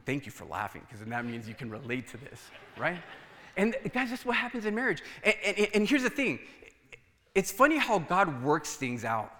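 Animated preaching man in reverberant church. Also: high voice. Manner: animated storytelling, acts out dialogue. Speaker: guest pastor. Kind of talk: sermon. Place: church sanctuary.

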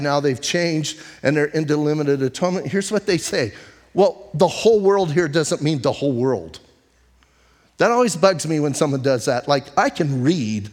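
A man preaching a conversational sermon as a pastor, telling stories and asking rhetorical questions, slowing down to stress key lines. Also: on the high side. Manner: emphatic, slows down on key phrases. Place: church sanctuary. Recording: long hall reverb.

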